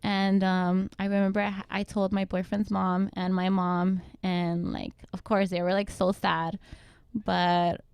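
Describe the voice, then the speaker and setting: Young woman telling her story with a gravelly edge. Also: medium pitch, little pitch movement, darkish tone, dry recording. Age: young adult. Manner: quotes others in quick reenacted lines, many likes. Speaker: guest mother. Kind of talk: personal story in casual chat.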